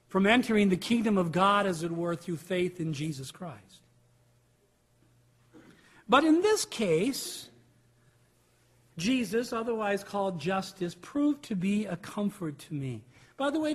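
A male pastor delivers a sermon in a notably high-pitched voice. He leans hard on key words and keeps pressing the listeners with rhetorical questions. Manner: emphatic preaching with rhetorical questions.

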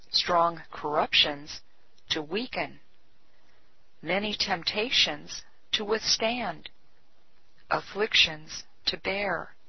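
A woman reading old devotional writings aloud in a measured, solemn cadence. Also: mid-range voice, gravelly, breathy edge. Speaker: devotional reader. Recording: dull lo-fi recording.

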